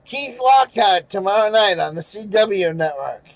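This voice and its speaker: A man's voice: high voice, expressive, a little slow, no echo, rough recording. A man hosting his channel, reading viewer comments aloud and ranting about them in angry, profane, sarcastic casual commentary, with chuckles in between.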